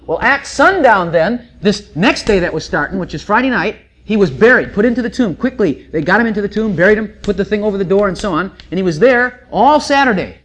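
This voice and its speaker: Folksy preacher swinging loud and soft. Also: medium pitch, a little fast, hardly any pauses. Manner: folksy, animated storytelling with joking asides; swings between loud bursts and quiet asides. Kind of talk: sermon, Bible teaching.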